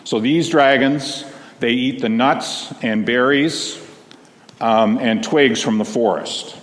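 A man, a minister, tells a children's story to a congregation in a gentle, slow storytelling manner, speaking to the children. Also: medium pitch. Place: large church sanctuary. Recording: long reverb of a big hall.

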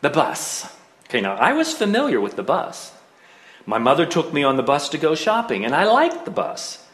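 A man's voice: a little high, wildly swooping pitch, moderate pace, fairly bright tone. A middle-aged man telling a personal childhood story with wry, self-mocking humor. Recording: roomy echo.

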